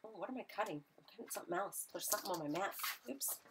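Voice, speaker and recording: A woman's voice: medium pitch, animated, racing, background noise. A woman instructor chatting to viewers while she demonstrates a live craft project, joking about herself as she works. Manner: chatty, self-deprecating, talks to viewers while working.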